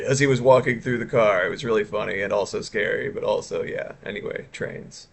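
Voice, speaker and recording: A man's voice: fairly low pitch, fairly quick, creaky, few pauses, a little hiss or hum. A man streaming live, chatting casually and rambling with chat while showing his art. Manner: rambling, chatty, self-interrupting.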